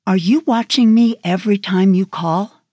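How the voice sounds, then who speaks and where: A woman's voice: medium pitch, normal speed, mellow, dry recording, lightly acted. A woman voicing a tough, blunt female FBI agent with a sardonic edge, in an audiobook. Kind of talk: audiobook character voice.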